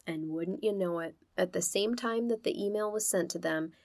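A woman's voice: fairly low pitch, normal speed, darkish tone, no echo, clean studio sound. A woman co-hosting a podcast, telling a true-crime story in a casual, chatty way with sarcastic asides.

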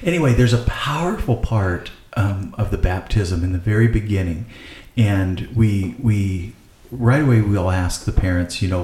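A man's voice: fairly low pitch, lively intonation, normal speed, few pauses, darkish tone, echoey room. A man hosting a casual faith podcast, earnestly asking his co-hosts questions. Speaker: podcast host leading discussion. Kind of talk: casual discussion.

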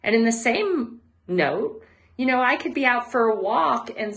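A woman, an athlete, hosting her own show with a motivational monologue, speaking in a measured way and slowing down to stress key words. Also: on the high side, expressive, a bit bright. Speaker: host.

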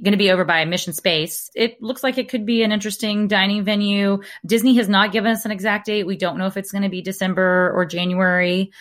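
A woman's voice: fairly low pitch, a bit bright. Chatty woman co-host. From Alabama. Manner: chatty, laughs easily, self-deprecating. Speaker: podcast co-host. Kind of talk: casual chat.

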